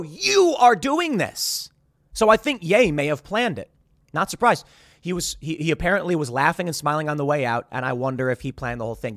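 Male podcast host in his thirties, higher voice, close dry sound, rambling with restarts. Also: fairly bright tone, dry recording. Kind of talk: casual commentary.

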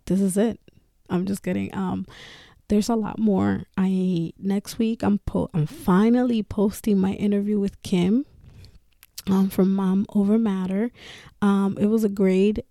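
A woman talks openly on her podcast, swearing freely and laughing between phrases. Her voice is gravelly and dark. The sound is dry and close. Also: medium pitch, steady tone, a little slow, no echo. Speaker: podcast host. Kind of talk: casual personal talk.

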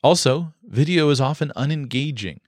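A man giving an instructional talk on communication, explaining in a measured way with occasional fillers. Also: on the high side, dry recording, studio quality.

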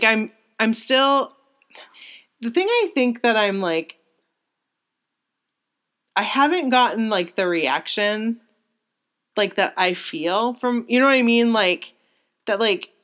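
A young woman co-hosting a casual chat, retelling a story in an excited, rambling and emotional way, full of fillers and restarts. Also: medium pitch. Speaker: co-host.

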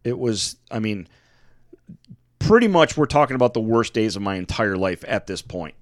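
A man's voice: on the low side, expressive, moderate pace, dry recording, clean studio sound. A man in casual podcast chat, telling a profane story about a past job. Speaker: podcast co-host.

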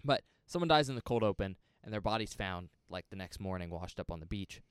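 A young man with a low, resonant, clear voice talks briskly, with no room sound. Co-hosting a casual movie podcast, he explains film history and teases his friend, getting animated when he makes a point.

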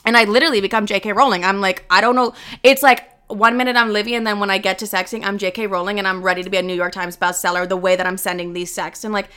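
A young woman in her twenties hosting a podcast, telling candid stories in a blunt, profane, animated way. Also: medium pitch, fast, few pauses, clear, resonant tone. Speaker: podcast host. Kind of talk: candid casual monologue.

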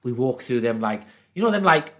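A Geordie man from northeast England, speaking at a medium pitch and a fairly quick pace, shares travel stories as a guest on a podcast. He's animated, laughs a lot, and acts out the quotes in his casual storytelling.

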